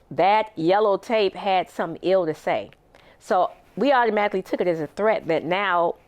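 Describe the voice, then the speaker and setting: A middle-aged woman speaking as a guest in an interview, retelling a personal story with raw emotion. Her voice sits fairly low, and she acts out the words of others as she goes. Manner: emotional, vivid retelling with acted-out quotes.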